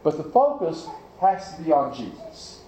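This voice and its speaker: A man's voice: fairly high pitch, big pitch swings, moderate pace, mellow, echoey room, slight background noise, low-quality recording. A man preaching a sermon in a conversational way, putting questions to his listeners. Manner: conversational, asks the congregation questions.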